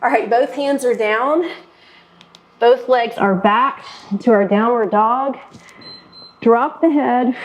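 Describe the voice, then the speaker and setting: A woman's voice: on the high side, unhurried, darkish tone, reverberant. A woman fitness instructor guiding a workout and stretch, coaching and encouraging as she goes. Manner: encouraging, coaching through moves.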